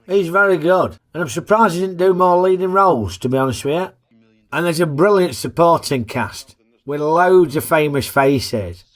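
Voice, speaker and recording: A man, hosting a casual, jokey film review in a chatty, plain-spoken way. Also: a little high.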